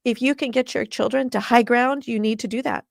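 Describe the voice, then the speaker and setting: A woman's voice: on the high side, steady tone, a little fast, creaky, dry recording, studio quality. A woman from Washington State speaking as an interview guest, earnest and impassioned, often moved to emotion. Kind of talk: conversational interview.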